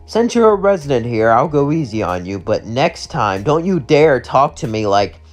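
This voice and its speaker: A man's voice: mid-range voice, sing-song, moderate pace, faint music behind, close to an everyday voice. A man voicing a formal, coolly threatening demon man in a fan-told story. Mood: polite menace. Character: polite menacing demon man, radio demon.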